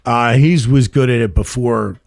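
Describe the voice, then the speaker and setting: A man's voice: medium pitch, normal speed, vocal fry, dry recording, clean studio sound. A middle-aged man, a stand-up comedian guest, telling rambling, profane anecdotes with many restarts on a casual podcast.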